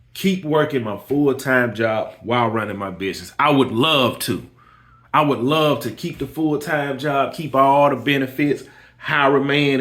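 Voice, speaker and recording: With a mid-range, slightly bright voice, a man who runs a lawn care business and has kids gives an emphatic motivational talk about himself. He restarts and repeats phrases, says "listen here" again and again, and tells a story featuring quoted dialogue.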